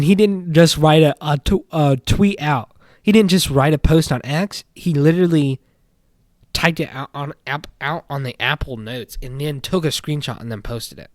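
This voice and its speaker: A young man hosting a casual podcast, commenting on paranormal community drama with animated indignation that drops into muttering. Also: mid-range voice, dry recording, studio quality. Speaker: podcast host.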